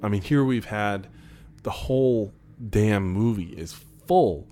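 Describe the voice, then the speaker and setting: A man co-hosting a casual film commentary, chatty and quick to laugh, with excited asides. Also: lowish voice, a little hiss or hum.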